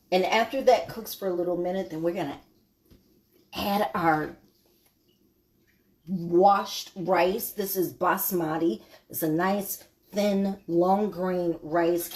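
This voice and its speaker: Slow, chatty woman cooking live. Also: lowish voice, a little mellow, slight background noise. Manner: chatty, greets viewers by name, trails off with fillers. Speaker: cooking show host. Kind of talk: casual live-stream cooking chat. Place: home kitchen.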